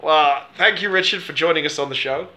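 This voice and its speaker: A man hosts a casual film podcast in a bright, forceful voice. His pitch sits a little high. He rambles, jokes and laughs often. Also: a little fast, roomy sound, slight background noise. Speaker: podcast host.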